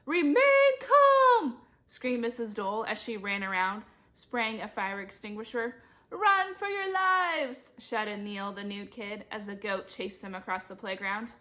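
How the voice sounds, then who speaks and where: Bright-voiced woman reading a storybook. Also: normal speed, few pauses. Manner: lively, shouts characters' lines in high voices. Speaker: reader. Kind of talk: reading a children's chapter book aloud.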